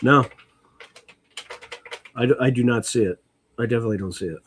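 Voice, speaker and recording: A man's voice: medium pitch, a little fast, slightly rough. A middle-aged man hosting a livestream, chatting casually and muttering while he reads comments. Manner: rambling, muttering while reading chat. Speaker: livestream host.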